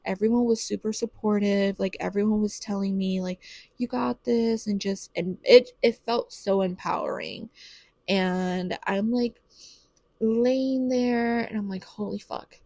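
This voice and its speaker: A woman's voice: mid-range voice, steady tone, unhurried, warm tone, no echo. A young woman telling her birth story casually and candidly, swearing freely and saying "like" a lot.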